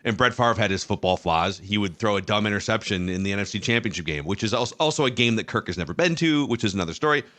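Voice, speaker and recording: A man's voice: fairly low pitch, expressive, fast talker, few pauses, a bit bright. Rambling, self-mocking podcast host man. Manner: rambling, self-deprecating storyteller. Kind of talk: casual sports talk.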